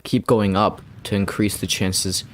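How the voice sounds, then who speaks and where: A young man giving rambling, playful gameplay commentary, with bursts of excitement when things go his way. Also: lowish voice, a little slow, a little hiss or hum. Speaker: gamer.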